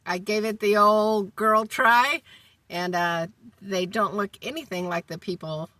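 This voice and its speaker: A woman's voice: mid-range voice, a little slow, pushed and bright, no room sound, recorded from a distance. A woman in her forties talking casually to her camera inside her van, meandering with many ums and uhs, and ending with a folksy, faith-filled goodbye. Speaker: vlogger. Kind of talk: casual rambling talk to camera.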